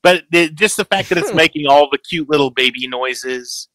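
A man in his thirties hosts a casual chat about a show. His voice is bright and forceful, the sound dry and close, and he tumbles into restarts while acting out what characters say. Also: a little high, normal speed, no echo, poor audio. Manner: animated, stammers, acts out quotes. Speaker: podcast host.

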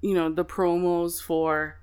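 A woman's voice: lowish voice, takes it slowly, clean tone. A woman co-hosting a podcast in casual chat, swearing freely and laughing often. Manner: swears a lot, lively storytelling, laughs often. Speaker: podcast co-host.

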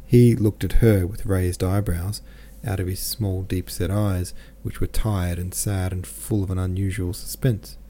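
Guy narrating a classic novel, low mellow voice, steady even reading. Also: slight background noise. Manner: measured, even storytelling. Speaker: audiobook narrator. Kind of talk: scripted literary narration.

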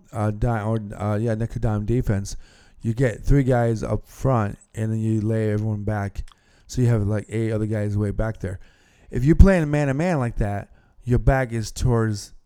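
A man's voice: medium pitch, dark tone, clear, resonant tone. A man hosting a casual sports podcast, explaining football plays at length. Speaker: podcast host.

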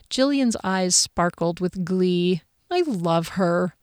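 Smooth-voiced woman audiobook narrator. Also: lowish voice, animated, takes it slowly, few pauses, a little mellow, no echo, studio quality. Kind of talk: first-person audiobook narration.

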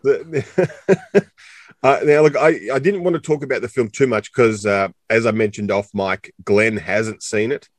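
Australian male co-host, middle pitch, rambling joker, bone-dry close recording. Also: a little slow, no echo. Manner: chatty and joking, rambling with many fillers. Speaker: co-host interviewer. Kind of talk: casual interview chat.

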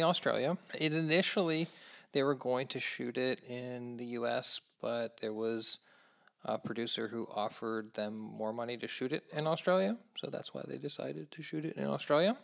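A man's voice: medium pitch, vocal fry, a bit bright. An American man co-hosting a casual movie podcast, chatty and enthusiastic. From United States. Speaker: podcast co-host.

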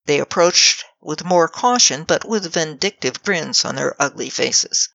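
A woman narrates a first-person fantasy audiobook, wry and expressive, acting out dialogue. Her voice sits low for a woman, recorded close and dry, with a slightly dull, muffled tone. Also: unhurried, gravelly, no echo.

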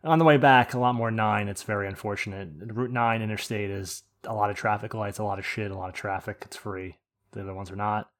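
A man from the United States telling an animated, profane rant on a casual podcast. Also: lowish voice. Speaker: podcast host. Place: podcast studio.

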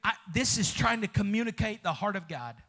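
A man pastor, preaching a fervent sermon, calling out to the congregation, with sudden shouts and soft drops. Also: sits high, lively intonation, fairly quick. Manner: calls out to congregation.

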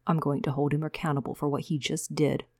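A woman's voice: sits high, moderate pace, slightly rough, dry recording, studio quality, pitched above the performer's own voice. A woman voicing an earnest young male hero in a storybook reading. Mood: grim. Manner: earnest, pleading.

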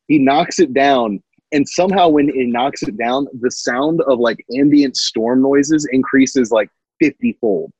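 A man's voice: medium pitch, unhurried, darkish tone, breathy edge, no room sound, poor audio. A man co-hosting a podcast, ranting in disbelief with casual swearing. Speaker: podcast co-host. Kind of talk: casual chat about a film.

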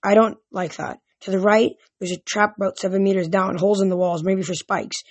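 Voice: medium pitch, steady tone, fairly quick, dry recording, close to an everyday voice. A reader voicing an earnest, insistent teenage girl in an amateur audiobook reading.

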